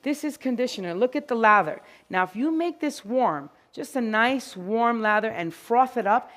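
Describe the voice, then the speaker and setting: A woman giving a lively, jokey live dog-grooming demonstration to an audience of groomers. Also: on the high side, normal speed. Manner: energetic, chatty, jokey.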